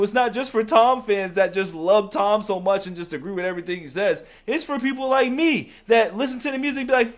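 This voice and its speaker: Reaction host, male, fairly high voice, emphatic and profane, loves to repeat himself. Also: brisk, few pauses. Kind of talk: casual music reaction commentary.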